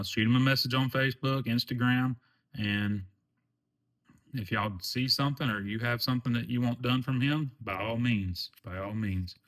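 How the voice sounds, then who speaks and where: A man with a Southern US accent and a medium-pitched, fairly bright voice hosts his own channel in casual vlog chat. He's folksy and earnest, with lots of fillers.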